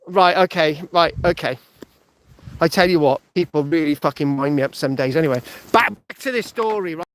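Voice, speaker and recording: This livestream host from the United Kingdom speaks fairly quickly in a fairly high, fairly bright voice. He rambles, swears heavily, frequently starts over, and constantly asks "right?"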